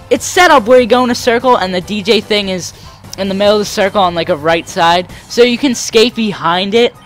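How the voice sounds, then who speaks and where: Rambling young man telling stories. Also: high-pitched. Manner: rambling, animated, acts out the people in his stories. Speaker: let's play host. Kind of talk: casual storytelling over gameplay.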